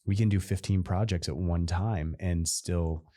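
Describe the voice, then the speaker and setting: Low, mellow-voiced man talking business. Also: fairly even intonation, a little slow. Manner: rambling, self-interrupting, playful. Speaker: podcast co-host. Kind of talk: casual business podcast chat.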